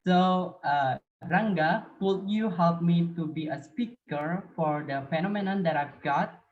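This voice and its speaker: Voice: mid-range voice, measured pace, recorded from a distance, slight background noise. Earnest young student on a dull recording. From Papua, Indonesia. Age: young adult. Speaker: student presenter. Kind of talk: class presentation.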